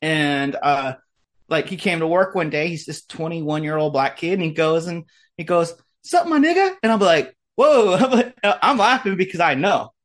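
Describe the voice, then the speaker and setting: A man's voice: fairly high pitch, moderate pace, fairly bright tone. A man in his late thirties, chatting casually in a rambling, crude way, often acting out what people said. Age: late 30s. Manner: rambling, crude, self-deprecating, trails into mock quotes. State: getting over an ear infection. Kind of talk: casual ranting chat.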